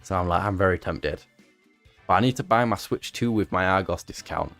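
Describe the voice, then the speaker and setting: A young man with a deep, low voice chats loosely to his stream audience, wandering between asides and jokes at his own expense. His voice is prone to cracking, and faint music plays underneath. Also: a bit bright. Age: young adult. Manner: rambling, self-mocking, quick asides to chat. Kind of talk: casual gaming stream chat.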